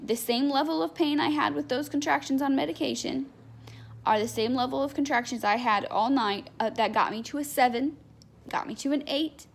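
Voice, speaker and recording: A woman's voice: high voice, normal speed, creaky. A young adult woman telling a candid personal story in a chatty, unfiltered way, full of fillers. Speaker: vlogger.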